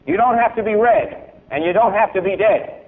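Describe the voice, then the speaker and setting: Heard on thin, lo-fi archival tape, this high-pitched man speaks at a moderate pace, delivering an oratorical university address with big jumps in volume. Afterward he takes questions from the audience.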